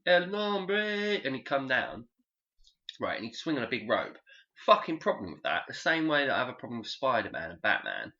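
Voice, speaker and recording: A man in a loose podcast chat, rambling and joking with plenty of swearing. His voice jumps up and down in pitch and has a bright, forceful edge. The sound is slightly dull and lo-fi. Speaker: podcast host. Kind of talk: casual chat.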